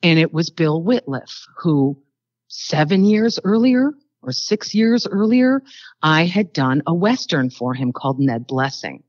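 An older actress chatting as an interview guest, telling rambling anecdotes full of fillers. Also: female voice, sits low, very animated, a little slow, dry recording, highs cut off. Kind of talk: casual interview storytelling.

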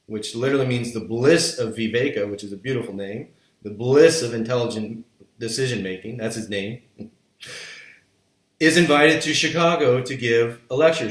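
A man's voice: mid-range voice, roomy sound. A man teaching yoga history in a lecture, telling it as a story and acting out people's reactions.

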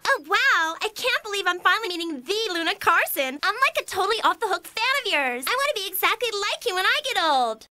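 A woman's voice: very high voice, sing-song, a little fast, hardly any pauses, pushed and bright, slight background noise, heavily acted. A woman voicing a gushing young valley girl fan in a dubbed anime. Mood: starstruck. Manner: gushing, breathless fan talk.

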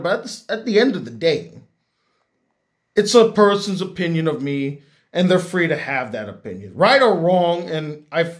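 A young man, a YouTube critic, talking earnestly and reflectively to his viewers, often repeating words as he gathers his thoughts. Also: a little high. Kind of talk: heartfelt talk to camera.

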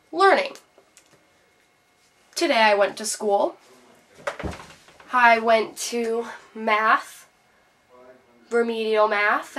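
A woman's voice: fairly high pitch, a bit bright, distant mic. A woman playing a bitter, depressed teenage girl who vents sarcastically in a scripted video-diary monologue. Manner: sarcastic, exasperated storytelling.

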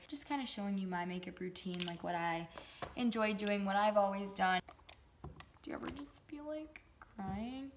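A woman's voice: medium pitch, noisy background. A young adult woman chatting casually through a makeup tutorial, with goofy joking asides. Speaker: beauty vlogger.

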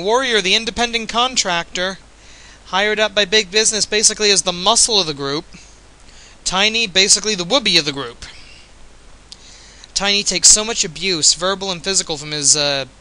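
High, sharp-voiced male commentator. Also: rough recording. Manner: chatty, offhand, jokey asides. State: a bit tipsy. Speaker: play-by-play commentator. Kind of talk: casual play-by-play commentary.

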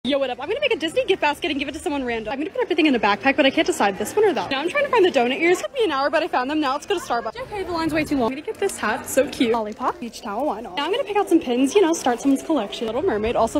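A woman narrating her short DIY and restock videos in a bubbly, excitable, self-mocking way. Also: high voice. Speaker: lifestyle creator.

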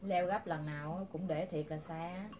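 Lowish-voiced woman with a Vietnamese accent. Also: steady tone, normal speed, mellow, slight background noise. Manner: switches between broken English and Vietnamese, playful teasing. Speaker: vlogger. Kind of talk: casual mealtime chat.

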